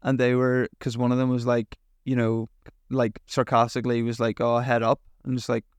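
A young man chats on a podcast, rambling through his stories with fillers and the odd swear. His voice is gravelly yet smooth and resonant, kept in a flat, even pitch. The sound is close and dry. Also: moderate pace, no room sound. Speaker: podcast co-host. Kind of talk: casual chat.

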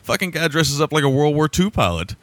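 A man's voice: a little high, big pitch swings, a little fast, fairly bright tone. A man hosting a podcast, chatting casually about movies in a rambling, profane way and laughing often. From America. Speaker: podcast host.

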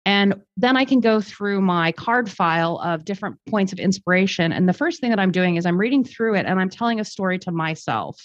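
A woman's voice: mid-range voice, expressive, a little fast, few pauses, no room sound. A woman talking thoughtfully in a podcast conversation, explaining her ideas with restarts and fillers. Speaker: guest speaker. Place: lives in Germany. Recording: dull lo-fi sound, dry.

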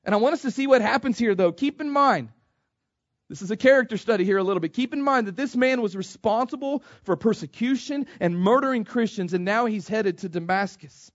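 A man's voice: sits high, fairly quick, no echo, lo-fi sound. A man from the United States preaching a sermon, repeating himself and calling the congregation "church". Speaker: pastor.

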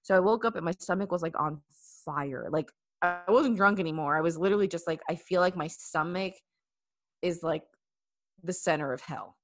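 A woman's voice: lowish voice, normal speed, soft background music. Chatty young woman telling stories. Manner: chatty, animated storytelling with many fillers. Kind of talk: casual storytelling chat.

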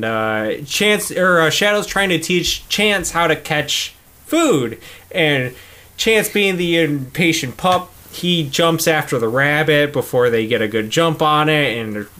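Chatty man with a higher voice. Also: fairly bright tone, smooth. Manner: loose, profane, acts out characters in quick bits. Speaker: podcast co-host. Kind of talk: casual chat recapping a movie.

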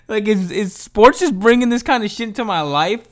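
Podcast host, male. Pitched a bit high, cusses freely, rambles, and swings between mumbling and loud fired-up bursts. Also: normal speed, long pauses. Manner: profane, rambling, swings from mumbling to excited outbursts. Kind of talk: casual solo podcast rant. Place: home.

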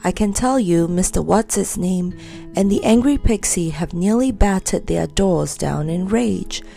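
A woman's voice: on the low side, measured pace, creaky, dark tone, faint music behind. A woman voicing a small, kindly red squirrel in a storybook reading. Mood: worried.

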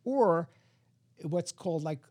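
Brief: male guest with a fairly high, mellow voice, explaining, close and dry. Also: lively intonation, slow, no echo. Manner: explanatory, acts out voices in anecdotes. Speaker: hypnotherapist guest. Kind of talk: interview conversation.

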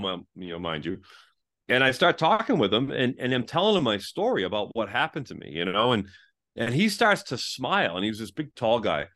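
A man in his fifties telling his life story as an interview guest, animated and conversational, often saying "like" and acting out what people said. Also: medium pitch. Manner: animated, fills with "like", acts out quoted people in a raised voice. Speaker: interview guest, former pastor.

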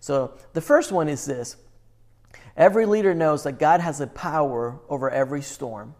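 Male pastor, sermon, lively outbursts then hushed and earnest. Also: fairly high pitch, normal speed.

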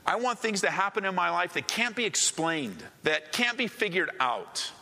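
A man's voice: high voice, expressive, normal speed, bright, forceful tone, in a large hall. A man preaching a sermon with earnest, emphatic repetition. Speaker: pastor.

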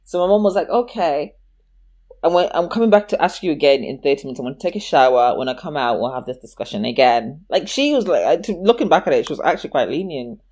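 A woman's voice: low voice, expressive, fast, a little mellow. A woman in casual chat telling a childhood story, acting out the voices of the people in it and laughing often.

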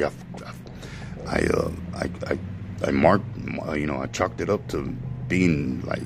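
A man's voice: very deep voice, moderate pace, vocal fry, background noise. A man ranting in a profane, rambling monologue to his followers, often stopping to correct himself. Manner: profane, ranting, self-interrupting. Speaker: vlogger.

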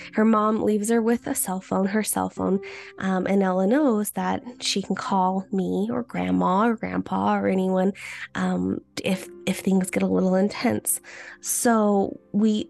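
A woman's voice: medium pitch, fairly even intonation, measured pace, gravelly, darkish tone. A woman hosting a podcast, in a casual teaching chat with her listeners, often restarting her sentences. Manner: chatty, talks straight to listeners; frequent restarts and fillers. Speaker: podcast host.

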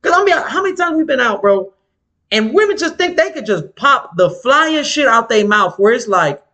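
A man chatting casually as a podcast co-host, telling animated, slangy, profane stories. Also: moderate pace. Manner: animated storytelling, swings pitch wide, slangy and profane. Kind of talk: casual chat.

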